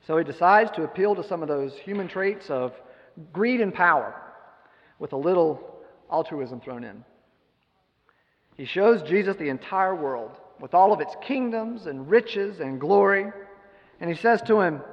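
A male preacher delivers a storytelling sermon and keeps asking the congregation rhetorical questions. His voice is somewhat high and gravelly. A long church reverb hangs on the dull, lo-fi recording. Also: lively intonation, a little slow.

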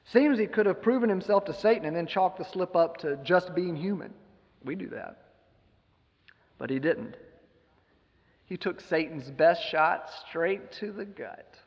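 A man's voice: high voice, lively intonation, unhurried, pauses often, in a large hall, lo-fi sound. A man giving a sermon, retelling a scripture story with emphatic rhetorical questions. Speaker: preacher.

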